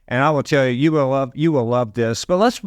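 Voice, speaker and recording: A man's voice: medium pitch, no echo, studio quality. An older man from Alabama with a Southern American accent, hosting an interview podcast in an effusive, repetitive, enthusiastic way. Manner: effusive, repeats himself, drawn-out emphasis. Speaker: podcast host.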